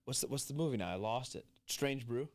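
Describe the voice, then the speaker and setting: A man hosting a casual church podcast chat, playful and animated as he talks. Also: mid-range voice, fairly quick. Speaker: church leader and podcast host.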